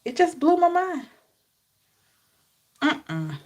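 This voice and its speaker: A woman tarot reader chatting casually with her live-stream viewers, laughing and talking back to them by name, with drawn-out, disbelieving exclamations. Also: sits high, very animated, a little mellow.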